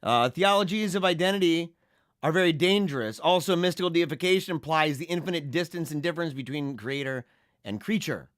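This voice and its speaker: A man hosting a casual livestream, reading viewer comments and chatting in an animated, laughing way. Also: on the high side, dry recording, clean studio sound. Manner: animated, laughing, drawn-out slang. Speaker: livestream host.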